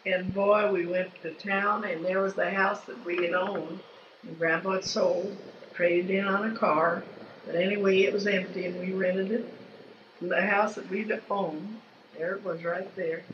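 An elderly interviewee shares family memories in unhurried, rambling fashion, her steady, fairly low, slightly bright voice often circling back to restart sentences in a folksy manner. The recording is a dull lo-fi home tape with faint ambience and slight background noise.

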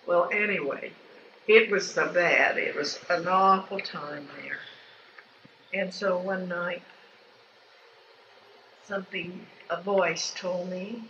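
A woman's voice: fairly low pitch, steady tone, slow pace, pauses often, fairly bright tone. Older lady rambling thru old family stories, lots of restarts, lo-fi tape, faint room hum. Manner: meandering, folksy, frequent restarts. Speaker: interviewee telling family memories. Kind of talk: rambling oral history storytelling. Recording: dull lo-fi home tape with faint ambience.

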